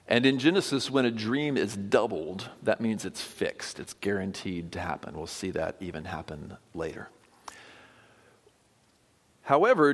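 Man preaching with long hall reverb. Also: deep voice. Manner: emphatic, swings from loud stresses to quiet drops. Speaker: pastor. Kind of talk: sermon.

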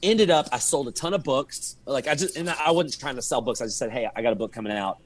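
A man's voice: medium pitch, quick pace. A man, a podcast guest telling stories in casual chat, acting out his own texts and thoughts. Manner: animated storyteller, acts out his own texts and inner thoughts.

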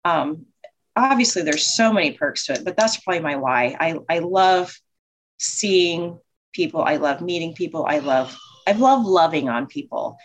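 Heartfelt rambling woman, low voice. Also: animated, normal speed. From Nebraska. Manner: warm, heartfelt, rambling with many restarts. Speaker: childcare center director and owner. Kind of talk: casual interview chat.

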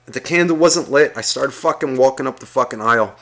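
A man's voice: mid-range voice, a little fast. A man telling a long, rambling, profanity-laced story in casual chat, acting out the people in it. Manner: acts out quotes of people in the story.

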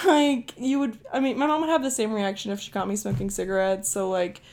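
A woman's voice: a little high, fairly even intonation, fairly quick, hardly any pauses, darkish tone. A young woman from Ohio telling a story in a casual monologue, blunt and full of swearing. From Ohio, USA. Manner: profane, blunt, emphatic. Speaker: podcast host.

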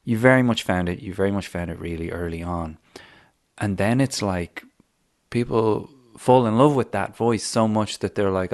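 A man's voice: lowish voice, normal speed. An Irish man hosting a podcast, asking leading questions in a chatty way and laughing easily. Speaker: podcast host. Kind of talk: conversational interview and outro.

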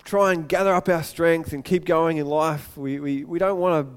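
A man's voice: a little high, fairly even intonation, normal speed, smooth, big-room sound. A pastor preaching a sermon, earnest and often repeating words as he goes.

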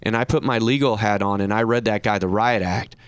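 A middle-aged man hosting a talk show, telling a story in a casual, animated way, his voice rising when he quotes other people. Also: brisk, clear, resonant tone, no room sound. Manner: animated anecdote, raising pitch when quoting others. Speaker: radio show host and reverse mortgage professional.

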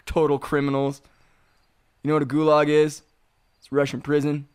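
A man's voice: a little high, completely flat delivery, normal speed, a little mellow, smooth. A man hosting a casual podcast, rambling on and laughing often as he talks. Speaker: podcast host.

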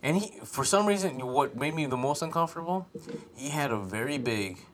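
A man's voice: a little high, expressive, fairly quick, noisy background. A young man from Chicago, co-hosting a podcast, telling a story in a rambling way with swearing, stammers and restarts. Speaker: podcast co-host. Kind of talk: casual chat.

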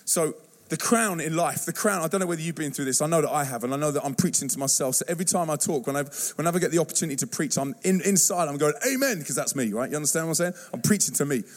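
A man preaching a youth-focused sermon in a church, telling stories and acting out voices with animated energy. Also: fairly high pitch, racing. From England. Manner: animated storytelling, acts out youth slang and voices. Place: church hall.

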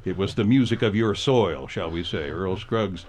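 Low-voiced older male radio host. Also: expressive, moderate pace, darkish tone, a little hiss or hum. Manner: rambling, reflective, hesitant with fillers. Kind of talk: casual radio interview. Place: radio studio.

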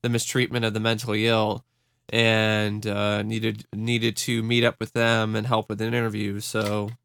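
A man's voice: fairly low pitch, completely flat delivery, normal speed, vocal fry, fairly bright tone, a little hiss or hum. A young man co-hosting a podcast in casual chat, laid-back and hesitant with many fillers. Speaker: podcast co-host.

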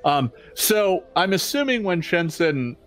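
Lively-pitched game master man. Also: measured pace. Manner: rambling with many fillers and restarts. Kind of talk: narrating a tabletop game.

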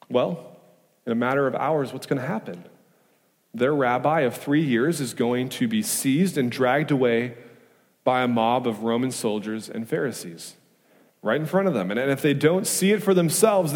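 A man preaching a sermon as pastor, emphatic, asking rhetorical questions and moving between loud urgency and hushed reassurance. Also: medium pitch. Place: church sanctuary. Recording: reverberant church hall.

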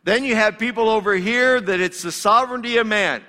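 A man's voice: high-pitched, a little fast, sharp tone. A male pastor delivering a sermon in a conversational, emphatic way, in a church sanctuary. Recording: long reverb of a large hall.

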